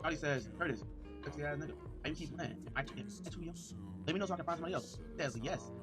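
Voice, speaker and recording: A man livestreaming, excitedly reading messages aloud and talking straight to his chat. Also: on the high side, very fast, over music. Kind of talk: livestream commentary.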